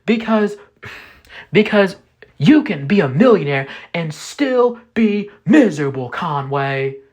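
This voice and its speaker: A man's voice: high voice, lively intonation, takes it slowly, a little mellow, voice pushed up. Lisa, a man doing a hurt, defiant wife. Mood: exasperated. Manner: exasperated, pleading.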